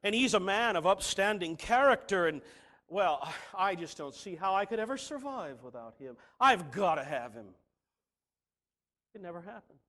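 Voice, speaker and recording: A middle-aged man preaches in a voice that sits high and leaps all over the place. He drops to soft, almost confiding asides, then rises to emphatic, ringing declarations. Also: sing-song, moderate pace. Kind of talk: sermon.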